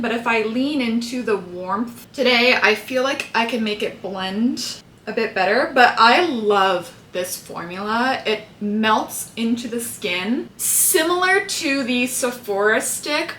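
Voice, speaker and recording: Woman makeup vlogger, casual and rambling, crisp bright tone. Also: a little high. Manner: chatty, rambling asides. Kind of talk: casual tutorial chat. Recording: roomy echo, faint hiss.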